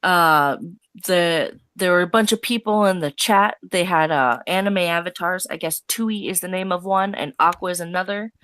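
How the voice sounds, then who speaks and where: A woman co-hosting a live stream, explaining things in a hesitant way with many pauses. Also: lowish voice, fairly bright tone, clean tone, no room sound. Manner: hesitant, many fillers and restarts. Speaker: stream co-host reading chat. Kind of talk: casual chat.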